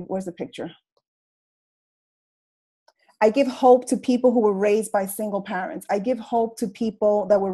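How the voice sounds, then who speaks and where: A middle-aged woman telling her story on a video call, in a comical, slangy, animated way. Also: medium pitch, husky, poor audio. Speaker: guest speaker sharing her story. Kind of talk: casual motivational talk on a video call.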